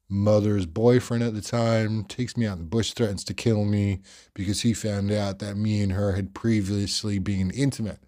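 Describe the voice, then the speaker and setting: A man with an Australian accent hosting a podcast, telling stories in a projected, animated and carefully clear voice, rambling with many fillers. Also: lowish voice. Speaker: podcast host. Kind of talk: storytelling monologue.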